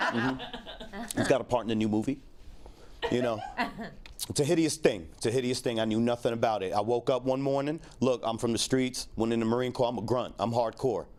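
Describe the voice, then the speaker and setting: A man's voice: medium pitch, lively intonation, normal speed, long pauses. A man in his thirties doing a stand-up set in a laid-back, rambling, crude way, full of fillers. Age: 30s. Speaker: stand-up comedian.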